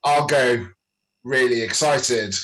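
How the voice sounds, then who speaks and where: A man's voice: medium pitch, slow, poor audio. A man from Britain, a coach chatting on a panel, laughing as he tells stories. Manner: laughing, lively anecdote teller. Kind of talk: casual panel chat.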